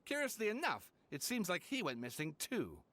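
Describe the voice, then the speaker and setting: A man's voice: sits high, moderate pace, full character voice. An actor playing an eager male writer who talks theatrically and builds up his reveals. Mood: explaining. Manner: theatrical, excitable, dramatic build-ups.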